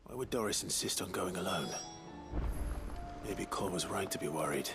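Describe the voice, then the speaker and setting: An actor voicing a serious, steady male hero who speaks tersely. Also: low-pitched, moderate pace, over music.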